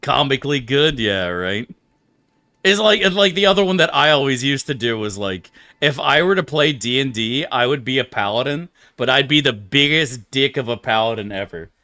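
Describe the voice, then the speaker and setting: A man streaming a video game, talking in a casual, animated, profane way and laughing often. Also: medium pitch, moderate pace.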